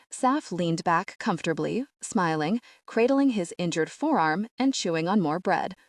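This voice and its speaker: Low-voiced woman narrating an audiobook. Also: no echo, clean studio sound. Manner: measured, steady reading.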